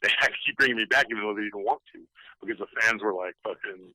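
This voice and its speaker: A man's voice: on the low side, very fast, pushed and bright, dry recording, rough recording. A middle-aged man, a guest on a podcast, talking heatedly and profanely with many restarts. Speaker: guest, retired fighter. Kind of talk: podcast interview.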